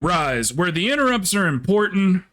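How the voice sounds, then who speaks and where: A man's voice: high voice, very animated, moderate pace, fairly bright tone. A man streaming a game, chatting casually with viewers in a rambling, joking way and swearing freely. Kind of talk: casual live-stream chat.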